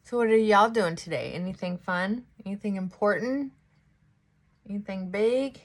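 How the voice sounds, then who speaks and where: A middle-aged beauty vlogger with a medium-pitched voice talks casually to viewers at a normal speed while doing her makeup at home, in a get-ready-with-me chat.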